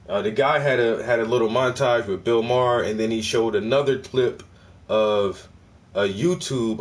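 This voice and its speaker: Profane man reacting to a clip. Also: medium pitch. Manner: profane street slang, loud exclamations. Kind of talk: casual reaction commentary.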